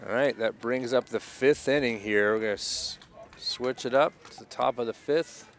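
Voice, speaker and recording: A man doing easygoing play-by-play for a local baseball game, chatting between pitches. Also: moderate pace. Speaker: play-by-play announcer.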